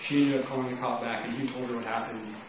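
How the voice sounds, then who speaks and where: A man's voice: mid-range voice, fairly even intonation, fast, background noise. Young man telling his story in an echoey room. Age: young adult. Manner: casual, rambling, heavy use of "like". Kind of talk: personal testimony. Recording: very echoey room, mic at a distance.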